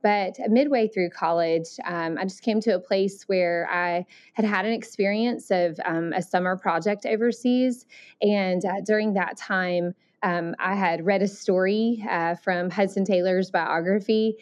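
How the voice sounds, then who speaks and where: A woman in her forties from Alabama with a Southern accent, telling her story as an interview guest in an earnest, thoughtful way with many pauses and ums. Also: medium pitch. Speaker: missionary guest.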